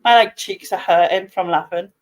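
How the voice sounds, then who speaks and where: A woman's voice: lowish voice, normal speed. A woman hosting a casual video-call chat, chatty and laughing often. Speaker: host of an online meet-up.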